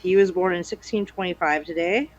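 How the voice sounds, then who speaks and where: A woman's voice: fairly low pitch, lo-fi sound. A woman co-hosting a casual podcast, joking and laughing easily, with faint music behind. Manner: laughs easily, quick jokes. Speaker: podcast co-host. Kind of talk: casual chat.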